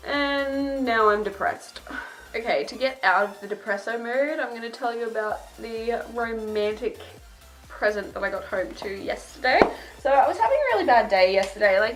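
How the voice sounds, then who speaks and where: A young woman chats away as she does her makeup, casual and self-deprecating, with the odd swear word thrown in. Her pitch sits in an ordinary middle range, and faint music plays softly behind her. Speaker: beauty vlogger. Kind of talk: casual chat while doing makeup.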